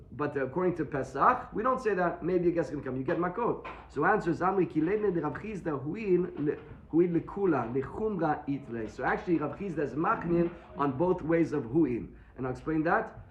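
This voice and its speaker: Man teaching a Talmud class, higher voice. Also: lively intonation, fairly quick, echoey room, muffled recording, slight background noise. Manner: explains step by step, repeats points and asks rhetorical questions.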